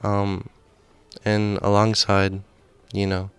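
A man's voice: fairly low pitch, monotone, takes it slowly, clear, resonant tone, dry recording. A man hosting a casual radio interview, earnest and agreeable, with rambling questions. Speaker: radio host.

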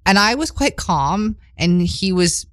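A young woman co-hosting a podcast, telling a story in a casual, animated way, laughing often and acting out quotes. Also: medium pitch, a little slow, no room sound, studio quality. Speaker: podcast co-host.

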